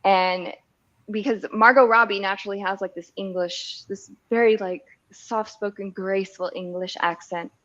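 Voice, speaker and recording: A woman's voice: medium pitch, fairly even intonation, moderate pace, a bit bright. A young woman co-hosting a live stream, chatting casually and laughing as she tells stories. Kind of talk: casual chat. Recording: slightly dull lo-fi stream audio.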